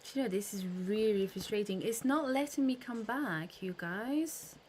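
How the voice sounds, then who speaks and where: A woman hosting a casual live stream chat, chatty and thinking aloud with quick restarts. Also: mid-range voice, expressive, a little mellow, a little hiss or hum.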